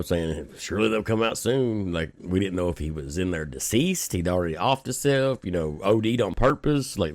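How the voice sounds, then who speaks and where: Deep-voiced man telling a story. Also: darkish tone, dry recording, clean studio sound. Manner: laid-back, profane, laughs often. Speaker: local news podcast host. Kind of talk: casual storytelling.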